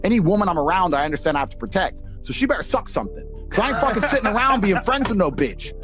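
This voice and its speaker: British man, brash profane storyteller, lively and quick, a touch high, faint music under. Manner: profane, boastful, animated storyteller.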